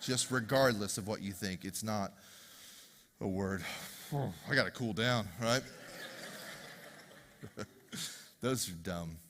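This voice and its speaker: A man's voice: on the low side, takes it slowly, long pauses, a bit bright, in a large hall. A man preaching a sermon in a church, talking to the congregation in a conversational, joking storytelling way with asides. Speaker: pastor. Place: church sanctuary.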